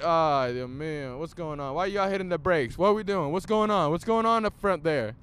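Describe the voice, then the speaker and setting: A man's voice: a little high, animated, normal speed, hardly any pauses, a bit bright, clean tone, no echo. A young man hosting a podcast, talking casually and profanely while driving, switching between English and Spanish. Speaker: podcast host. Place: inside a car on the highway.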